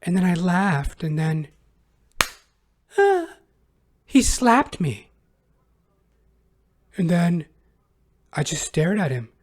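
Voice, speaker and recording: A man doing a mocking impression of a soft-spoken woman, hesitant and halting with many fillers. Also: sits high, sing-song, voice pushed up, full character voice. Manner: halting, hesitant, full of ums.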